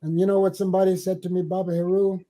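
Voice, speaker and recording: An older man from the Caribbean islands, a spiritual teacher telling stories in an interview, given to slow, theatrical recitation with big swells and drops. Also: high voice, little pitch movement, warm tone, low-quality recording. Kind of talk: storytelling and dramatic poetry recital.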